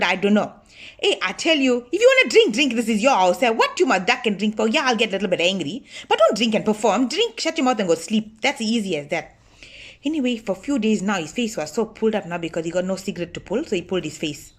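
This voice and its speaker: A chatty, scolding older auntie, put on by a woman in a comic sketch, talking straight to her viewers. She gossips and grumbles about her husband in a lively, nosy way, with a middle-pitched voice. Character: bossy older auntie, long-married, scolding lazy husband. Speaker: comedy sketch character. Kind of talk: comic monologue to camera.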